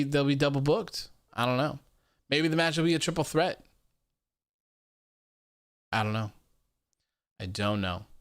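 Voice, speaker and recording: A man's voice: on the high side, a bit bright, clear, resonant tone, no room sound, studio quality. A young man hosting a live wrestling post-show, chatting casually, reading viewer comments aloud and laughing often.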